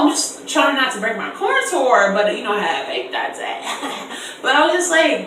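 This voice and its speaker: A young woman in her twenties telling a storytime on camera in an animated, slangy way, acting out voices in quotes. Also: high-pitched, moderate pace, slight background noise. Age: 20s. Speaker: vlogger. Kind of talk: casual storytime. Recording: echoey room, distant mic.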